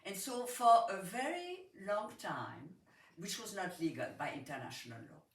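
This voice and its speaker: A woman's voice: medium pitch, huge pitch swings, normal speed. A Swiss woman with a French accent asking a long question from the audience, earnest, with light laughs and hesitant fillers. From Switzerland. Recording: echoey hall, distant mic, faint noise.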